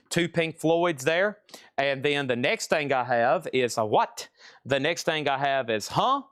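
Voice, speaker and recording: A man's voice: mid-range voice, clean tone, no echo, studio quality. A man hosting a live-streamed record sale. He chats and jokes like a salesman while calling out prices and buyers. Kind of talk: live auction sales patter.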